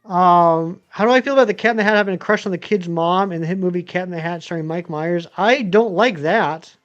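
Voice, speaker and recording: Male streamer in his thirties, high voice, rambling chat with viewers, faint music underneath. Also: a little fast, muffled recording. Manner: rambling, chatty, many ums and uhs. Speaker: game streamer. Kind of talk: casual live-stream chat answering viewers.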